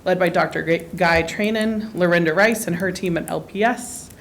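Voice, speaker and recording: A woman's voice: lowish voice, normal speed, slight background noise. A woman art teacher giving a heartfelt, grateful acceptance speech at a school board meeting, with frequent ums. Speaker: award-winning art teacher.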